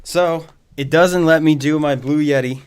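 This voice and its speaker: A man's voice: on the high side, unhurried, clear, resonant tone. A man hosting a music production livestream, thinking aloud and interrupting himself casually. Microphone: desk USB microphone.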